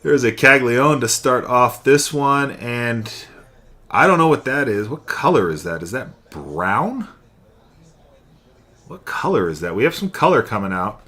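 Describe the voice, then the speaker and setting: A man's voice: mid-range voice, very animated, a little slow, pushed and bright. A young man hosting a live card-opening stream, chatting and calling out each card as he pulls it. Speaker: card break host.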